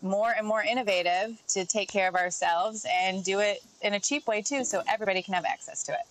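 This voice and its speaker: A woman's voice: mid-range voice, fast, low-quality recording. A woman guest on a television lifestyle show, casually walking through a list of gadgets and reading product details with her own offhand asides. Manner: chatty, informal, reads product notes with asides. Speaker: tech segment guest. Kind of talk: casual TV segment chat. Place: TV studio.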